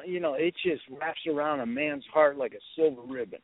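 Man telling stories over a tinny line. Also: fairly quick. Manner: animated, acts out quotes in a high voice. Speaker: guest. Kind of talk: storytelling on a talk show. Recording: tinny phone-line sound.

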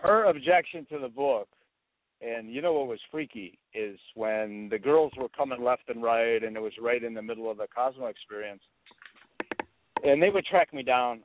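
A middle-aged man, an author being interviewed, telling stories in an animated, opinionated way. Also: mid-range voice, moderate pace, slight background noise. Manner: expansive storyteller, animated, opinionated. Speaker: author, guest. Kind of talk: radio interview talk. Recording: tinny phone-like radio sound.

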